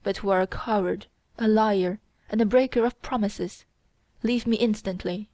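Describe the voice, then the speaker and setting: A woman's voice: medium pitch, measured pace, a little mellow, no room sound, natural voice. A woman voicing a cold, contemptuous young woman in an audiobook, speaking in a commanding way. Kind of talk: audiobook character reading.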